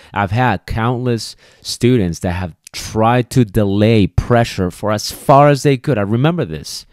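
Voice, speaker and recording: A man's voice: lowish voice, darkish tone, dry recording, clean studio sound. A man hosting a casual solo podcast as a dog trainer, talking emphatically and conversationally, often checking in with "okay" and "right". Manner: acts out quoted voices of people and dogs.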